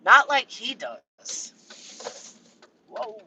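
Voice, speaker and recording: A man's voice: extremely high pitch, sing-song, very slow, pushed and bright, slightly rough, rough recording. A man ranting casually and profanely on a livestream from a vehicle, answering chat members by name. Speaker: livestream commentator.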